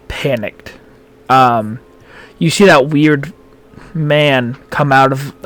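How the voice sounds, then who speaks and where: A man narrating as game master in a tabletop game, halting with many fillers. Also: medium pitch, fairly bright tone.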